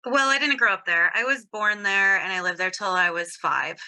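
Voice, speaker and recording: A woman's voice: medium pitch, moderate pace, sharp tone, low-quality recording. A woman guest from Southern California talking candidly in a casual interview, full of fillers and frequent laughs. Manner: candid, giggly, filler-heavy.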